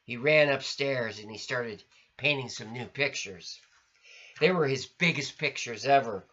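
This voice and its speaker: A man reading a children's storybook aloud in an expressive, sing-song way. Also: medium pitch, a little slow. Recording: lo-fi recording.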